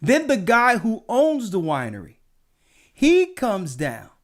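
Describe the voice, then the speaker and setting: A man with a fairly high voice tells stories from his travels in an easygoing chat. He is a church elder who keeps checking in with his listener with "right?" as he goes. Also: slow. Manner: animated anecdotes with frequent "right?" asides. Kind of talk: casual storytelling chat.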